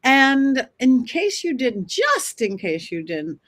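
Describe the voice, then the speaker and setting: A woman's voice: high-pitched, sing-song, takes it slowly, a bit bright. A woman hosting a panel podcast, introducing guests in an upbeat way. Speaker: podcast host.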